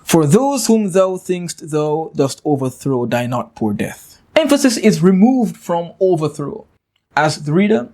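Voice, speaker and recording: A man giving a scripted poetry lesson, explaining meter and structure in a clear, measured way and reading verse slowly with dramatic pauses. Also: a little high, a little mellow. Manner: slow, dramatic poem reading with deliberate pauses. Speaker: English literature teacher.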